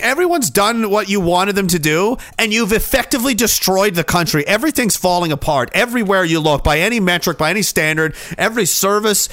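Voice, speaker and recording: A man's voice: high voice, fairly bright tone, dry recording, studio quality. A man ranting on a livestream, heated and sarcastic, swearing often and reading out chat messages. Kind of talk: profane political rant on a livestream.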